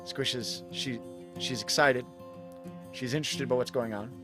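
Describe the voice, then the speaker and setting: A man's voice: mid-range voice, fairly even intonation, moderate pace, music in the background. A man hosting a casual live stream from home, rambling and chuckling as he chats with viewers. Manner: rambling, self-interrupting, chuckling asides. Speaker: livestream host and magician.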